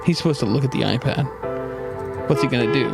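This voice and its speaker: A man's voice: medium pitch, expressive, measured pace, vocal fry. Male comedy show host, loose storyteller, music bed under him. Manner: rambling, playful storytelling. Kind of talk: comedic talk show riffing.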